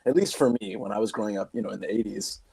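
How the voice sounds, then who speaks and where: A man's voice: lowish voice, very fast, gravelly, warm tone, breathy edge. A man in his forties, a guest in a casual chat, laughing and poking fun at himself. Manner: laughing, self-deprecating.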